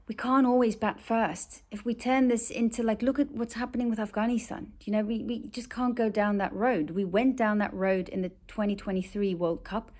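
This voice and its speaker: A woman's voice: mid-range voice, a little mellow. A woman from South Africa talking straight to her viewers, sharing candid, chatty opinions as a cricket vlogger. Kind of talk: casual opinionated commentary.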